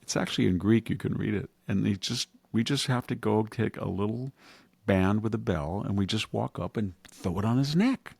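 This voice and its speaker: Older male podcast host, gravelly and low, casual commentary that slips into mock quotes, dry sound. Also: moderate pace, a little mellow, no room sound. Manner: acts out quoted voices, chuckles, digressive.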